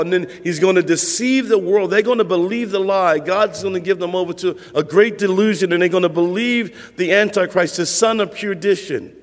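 A man's voice: sits high, fairly quick, hardly any pauses, long reverb tail. A male pastor preaching a sermon in a conversational way, repeating points for emphasis.

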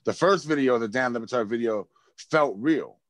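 A man's voice: mid-range voice, normal speed, a bit bright, no room sound. A man hosting a podcast in casual chat, thinking aloud with restarts and the odd swear. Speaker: podcast host.

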